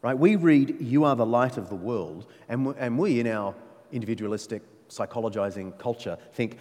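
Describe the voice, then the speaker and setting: A man preaching a sermon, emphatic and animated, with playful asides to his listeners. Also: medium pitch, a little fast. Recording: long reverb of a large hall.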